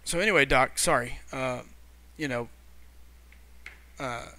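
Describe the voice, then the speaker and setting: A man's voice: mid-range voice, a little slow, pushed and bright, no echo. A man with a Missouri twang, hosting a casual live game stream and chatting with viewers in a friendly way. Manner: chatty, friendly, reads viewer comments aloud.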